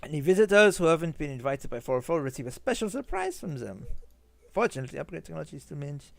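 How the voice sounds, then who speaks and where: An eager young engineer speaks in a German accent, explaining his gadgets with nerdy enthusiasm, voiced by a man reading game lines. His voice sits a little high with a gravelly edge and lively swings in pitch. The sound is close and dry. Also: fast, no echo. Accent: German (put on). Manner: reads game dialogue aloud in a put-on accent.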